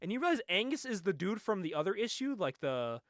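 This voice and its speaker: Animated, laughing man recapping a comic. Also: sits high, fast, no room sound, clean studio sound. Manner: excitable, laughs often, acts out quotes. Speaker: podcast co-host. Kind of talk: casual comic book discussion.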